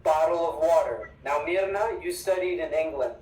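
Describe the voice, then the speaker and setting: An English teacher giving an online class, upbeat and emphatic, repeating words slowly for the students. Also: mid-range voice, a little mellow. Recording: echoey room, distant mic.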